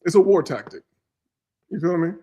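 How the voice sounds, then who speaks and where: Higher-pitched man hosting casual chat. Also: moderate pace, mellow, slightly rough. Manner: loose and slangy, many fillers. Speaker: podcast host.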